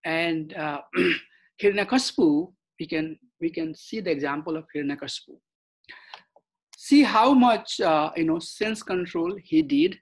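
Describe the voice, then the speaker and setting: A man giving an online scripture class, halting, with many fillers and restarts. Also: fairly high pitch, low-quality recording. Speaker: scripture study teacher. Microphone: computer mic on a video call.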